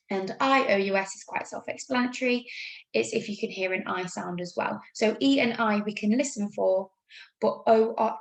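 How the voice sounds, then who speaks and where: A woman's voice: medium pitch, creaky. Upbeat English woman teaching spelling, echoey. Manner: upbeat, talks slowly through spelling rules. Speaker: primary school teacher. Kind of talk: remote spelling lesson.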